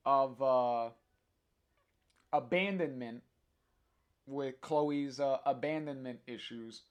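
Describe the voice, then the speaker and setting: A man's voice: medium pitch, slow, clean tone, highs cut off. A man reading a comic aloud with his own commentary, hesitant with many fillers. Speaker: comic reader.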